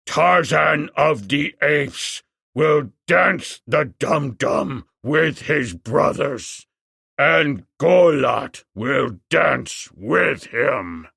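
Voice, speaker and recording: A man's voice: on the high side, expressive, very slow, gravelly, sharp tone, breathy edge, dry recording, studio quality, exaggerated voice. A man voicing a brutish, stupid male ape king who bellows war cries in an audiobook. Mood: beaten. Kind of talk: audiobook narration.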